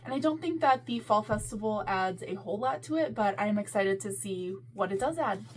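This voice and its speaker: A woman guest chatting casually in a measured, friendly way. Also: mid-range voice, expressive. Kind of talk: casual chat.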